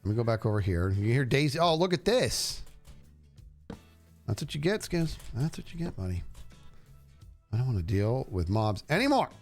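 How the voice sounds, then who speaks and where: A man streaming a game and chatting casually, animated and jokey, talking to himself as he plays. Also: medium pitch, moderate pace, long pauses, soft background music. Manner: animated, jokey, talks to himself while playing. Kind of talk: casual gameplay commentary.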